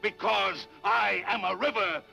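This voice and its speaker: A man's voice: high voice, steady tone, a little slow, creaky, music in the background, exaggerated voice. An actor playing a proud, fierce desert warrior chieftain who declaims his deeds grandly. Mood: boastful.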